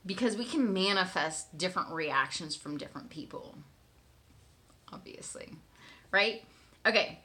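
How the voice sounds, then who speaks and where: Speaking at a medium pitch, this woman, a manifestation coach, shares a personal story with her partner. Her telling is open and lively, full of casual swearing and frequent "right?" check-ins.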